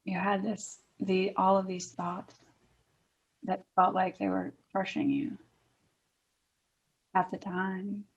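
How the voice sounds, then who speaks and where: A woman's voice: medium pitch, very animated, slow, long pauses, husky, muffled recording. A woman co-hosting a podcast, responding in an affirming way to her guest. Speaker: podcast co-host. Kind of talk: supportive interview response.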